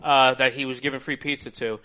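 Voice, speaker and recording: A man in his forties in casual podcast chat, blunt and mocking in quick jabs. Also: medium pitch, little pitch movement, sharp tone.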